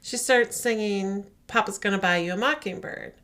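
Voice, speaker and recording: A woman with a mid-range voice speaks at a normal speed. She's co-hosting a podcast, animatedly retelling a horror short story and acting out the different voices.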